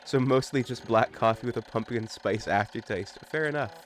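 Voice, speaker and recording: A man's voice: mid-range voice, moderate pace, a little hiss or hum. Upbeat man hosting a game stream. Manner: upbeat, playful, reads game text aloud. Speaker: streamer host. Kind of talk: casual live-stream chat while gaming.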